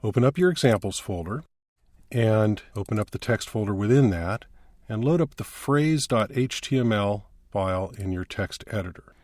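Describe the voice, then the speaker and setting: A man's voice: lowish voice, expressive, normal speed, darkish tone, dry recording, clean studio sound. A man instructor explaining a coding screencast step by step, in a plain teaching manner.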